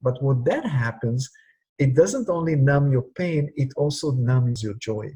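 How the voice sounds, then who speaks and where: A middle-aged man from Singapore, a guest in an interview, telling stories in a lively way and sometimes crying out sounds. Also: medium pitch, a little slow, husky, rough recording. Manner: animated, cries out sounds when telling stories. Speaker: interview guest, speaker on leadership. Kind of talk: conversational storytelling interview.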